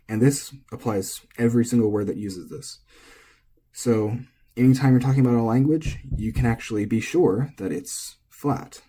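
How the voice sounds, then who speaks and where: A man giving a relaxed, casual language lesson, thinking aloud and correcting himself as he goes. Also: mid-range voice, breathy edge. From United States. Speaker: language teacher.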